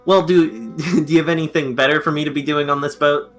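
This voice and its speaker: A man's voice: fairly high pitch, fairly even intonation, fairly quick, soft background music. A man playing a tabletop game, rambling and joking with lots of fillers. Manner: rambling and jokey, many fillers. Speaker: player. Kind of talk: casual tabletop game play.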